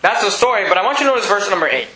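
A man preaching a lively sermon. He reads scripture aloud and acts out the people in the story. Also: high-pitched, very fast. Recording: echoey room.

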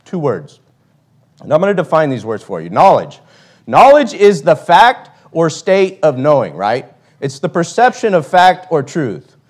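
A man's voice: a little high, sing-song, unhurried, a little mellow. A man preaching a sermon, emphatic, reading old-style scripture and often asking "right?".

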